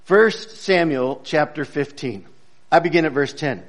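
Pastor, male, slightly higher voice, chatty sermon delivery, jokes and "uh"s. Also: measured pace. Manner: conversational, joking storyteller with frequent uh fillers. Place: church.

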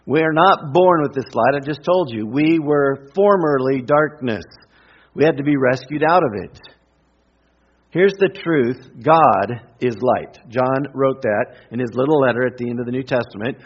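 A middle-aged man preaching a sermon with emphatic repetition and deliberate pauses. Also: mid-range voice, muffled recording. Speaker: pastor.

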